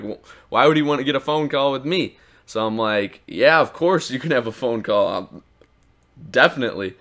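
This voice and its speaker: A teenage boy telling an excited, rambling story about his experience, full of restarts and quoted dialogue. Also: mid-range voice. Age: teens. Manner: excited, rambling retelling with many likes and restarts. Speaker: YouTuber. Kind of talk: casual storytelling vlog.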